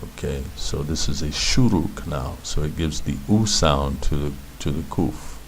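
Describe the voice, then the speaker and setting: A man's voice: a bass voice, measured pace, slight background noise. A man teaching beginners Hebrew letters, patiently repeating words and sounds as he explains. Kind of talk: instructional explanation.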